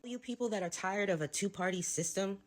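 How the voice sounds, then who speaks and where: A woman's voice: mid-range voice, fast. A woman creator giving blunt, firm response commentary.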